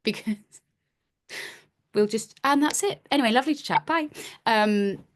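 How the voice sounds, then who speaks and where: A woman's voice: a little high, normal speed, a little hiss or hum. A woman in her forties, a podcast guest and performer, telling casual self-deprecating stories and acting out her own lines. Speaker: podcast guest, actor and musician. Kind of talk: casual anecdotal chat.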